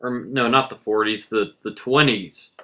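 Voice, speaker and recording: A man's voice: mid-range voice, fairly even intonation, measured pace, pushed and bright. Young guy in a loose chat, lots of likes, pretty laid back. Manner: loose and offhand, leans on "like". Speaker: podcast co-host. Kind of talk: casual chat.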